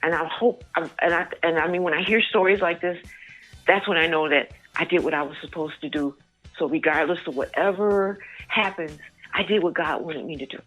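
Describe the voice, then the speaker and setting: A woman's voice: on the low side, fairly quick, fairly bright tone. A singer being interviewed on radio, a woman from New York who speaks earnestly about her gift and her faith. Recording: muffled lo-fi line with faint music.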